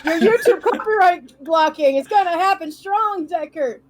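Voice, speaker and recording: A playful woman joins a casual livestream chat, giggling and teasing while she reads out donations. Her voice sits high. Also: moderate pace, low-quality recording. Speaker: co-host reading donations.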